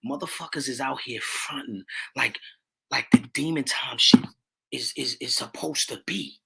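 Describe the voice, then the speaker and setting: A man hosting his own livestream, talking with passion in a preachy way, repeating catchphrases and rising to near-shouts. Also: mid-range voice, moderate pace, vocal fry, breathy edge. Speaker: livestream host. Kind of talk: impassioned livestream talk.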